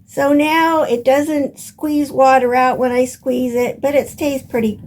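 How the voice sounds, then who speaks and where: An older woman hosting a home gardening lesson, explaining step by step in a plain, unhurried way. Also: sits high, steady tone, a little mellow, a little hiss or hum. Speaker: gardening channel host. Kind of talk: instructional gardening video.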